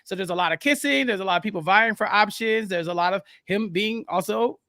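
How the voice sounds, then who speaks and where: A man with a high, bright voice joins a podcast chat, recorded close in a dry, dead space. He makes easygoing jokes at his own expense. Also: brisk, dry recording. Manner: joking, self-deprecating. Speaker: podcast guest. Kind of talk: casual recap chat.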